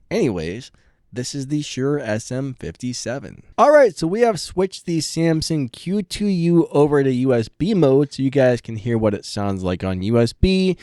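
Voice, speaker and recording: A man's voice: mid-range voice, warm tone, no echo, studio quality. Plain-spoken man reviewing microphones. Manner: plain-spoken, self-deprecating. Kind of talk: casual product review. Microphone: studio microphones close up.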